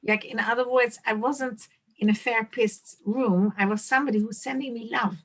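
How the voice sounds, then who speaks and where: Earnest higher-voiced woman trainee. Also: fairly even intonation, normal speed. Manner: earnest, hesitant, with restarts. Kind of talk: group feedback in training.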